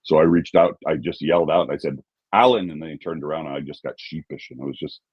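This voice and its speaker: A man from California telling a fan story in casual chat, halting and repeating words. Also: extremely low pitch, steady tone, breathy edge, no room sound, dull audio. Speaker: guest fan.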